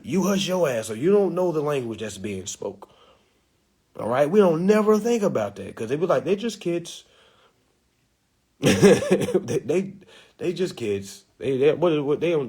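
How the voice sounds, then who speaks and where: Animated husky man preaching casually. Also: medium pitch. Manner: preachy, animated, acts out quotes. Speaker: spiritual teacher. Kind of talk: casual livestream talk.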